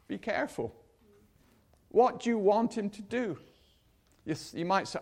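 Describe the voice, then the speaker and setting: Older man preaching, high voice. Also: expressive, moderate pace, vocal fry, darkish tone. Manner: chatty, acts out quotes in voices. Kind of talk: sermon.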